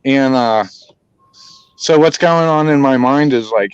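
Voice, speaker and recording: A man's voice: medium pitch, a little slow, clear, resonant tone, dry recording. A man casually telling a long hunting story, rambling and swearing, with many restarts. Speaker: storyteller host. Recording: dry, dull lo-fi sound.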